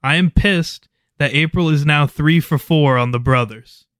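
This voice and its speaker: Smooth-voiced man giving casual opinions. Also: fairly high pitch, a little slow, fairly bright tone, no room sound, clean studio sound. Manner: opinionated, laid-back, swears casually. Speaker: podcast co-host. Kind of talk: casual chat.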